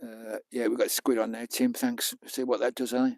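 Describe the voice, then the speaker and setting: Chatty British man with a dark voice. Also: mid-range voice, level tone, moderate pace, no echo. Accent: British English. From England. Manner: chatty, banters with viewers, mild swearing. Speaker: vlogger live-streaming. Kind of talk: casual live-stream chat. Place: outdoors on a beach at night.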